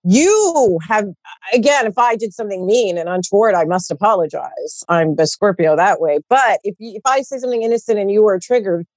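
A woman in her forties in a casual podcast conversation, animated, blunt and emphatic, and she swears freely. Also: mid-range voice, a little fast, dry recording. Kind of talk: casual chat.

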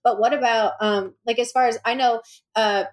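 A woman's voice: fairly high pitch, steady tone, moderate pace. A woman hosting a podcast, chatting casually and agreeably.

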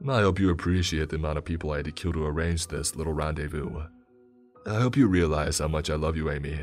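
A man voicing a charming, menacing male killer who talks in a smooth, mocking, self-justifying way. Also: very deep voice, quick pace, soft background music. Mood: mock-tender.

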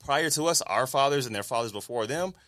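A man's voice: mid-range voice, lively intonation, fairly quick, fairly bright tone. A young American man co-hosting a podcast, frank and profane as he explains his views. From United States. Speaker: podcast co-host. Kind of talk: casual chat.

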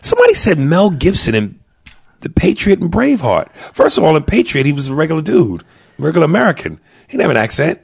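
A man, a stand-up comic co-hosting a podcast, talking in casual, animated chat, swearing freely and mimicking people as he tells stories. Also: a little high, fast, gravelly, breathy edge.

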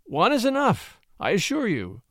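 A man's voice: high voice, wildly swooping pitch, normal speed, a bit bright, no echo, studio quality, voice pushed up, exaggerated voice. A man reading an audiobook, voicing a gallant young male attorney who pants and jokes dryly. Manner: panting, dryly humorous.

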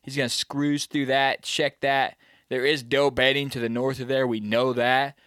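Casting: man, casual storyteller, bright forceful voice, dry close sound, slangy, keeps asking "you know what I mean". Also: medium pitch, moderate pace, clean tone, no echo. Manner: animated storyteller, acts out the deer's thoughts. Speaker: bowhunter recounting a hunt. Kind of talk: casual chat.

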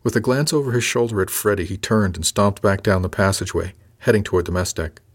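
A man narrates a first-person audiobook in an even, matter-of-fact manner. His voice sits on the low side. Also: fast.

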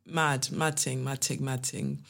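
A woman's voice: rumbling low, fairly even intonation, unhurried, vocal fry, a bit bright. A woman hosts a casual podcast from her living room, chatting playfully and reading tarot with spiritual asides. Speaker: podcast host.

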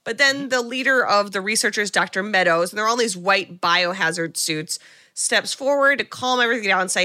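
A woman co-hosting a podcast, casually recapping a movie plot and swearing freely as she acts out quick lines. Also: medium pitch, animated, sharp tone, no room sound, clean studio sound. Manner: retells scenes with quick quoted voices, swearing. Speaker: podcast co-host.

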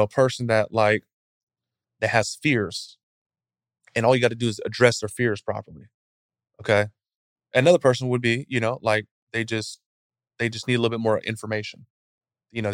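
Animated storytelling man, dry sound. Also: mid-range voice, no echo. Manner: animated storyteller acting out scenes. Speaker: guest speaker. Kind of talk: casual motivational talk.

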